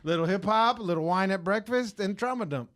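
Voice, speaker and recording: A man hosting a radio podcast, talking in a relaxed, laid-back way and tossing in bro and man. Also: high-pitched, brisk. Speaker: radio show host. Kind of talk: casual podcast chat.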